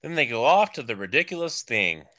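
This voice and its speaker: A man's voice: medium pitch, big pitch swings, brisk, sharp tone. A man co-hosting a podcast, tossing in sarcastic quips during casual banter. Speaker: podcast co-host.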